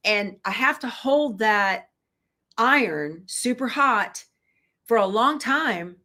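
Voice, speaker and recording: A woman's voice: a little high, lively intonation, slow pace, bright, forceful tone. A middle-aged woman hosts a quilting channel, chatting casually and folksily with her live-stream viewers and reading out their comments.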